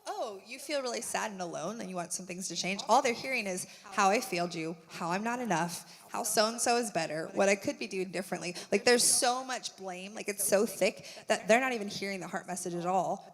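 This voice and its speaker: Animated woman speaking in a reverberant hall. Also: medium pitch, moderate pace, few pauses. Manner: animated, full of "like", acts out quotes. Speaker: conference speaker. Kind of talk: conversational stage talk. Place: church auditorium. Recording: long reverb of a large hall.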